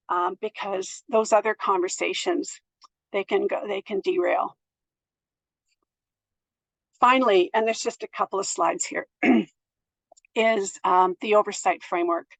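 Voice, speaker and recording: A middle-aged woman giving a presentation on board governance in a thoughtful, gentle way, with many fillers and restarts. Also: medium pitch, measured pace, no room sound, rough recording. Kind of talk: presentation to an audience.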